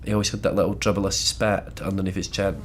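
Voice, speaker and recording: A man's voice: low-pitched, little pitch movement, fast talker, slight background noise. A Scottish man reacting to film clips in a casual chat, joking, swearing and rambling. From Scotland. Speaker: guest reviewer.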